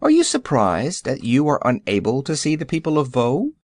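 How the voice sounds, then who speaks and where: A man voicing a soft, kindly and curious invisible woman. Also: mid-range voice, wildly swooping pitch, normal speed. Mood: gentle.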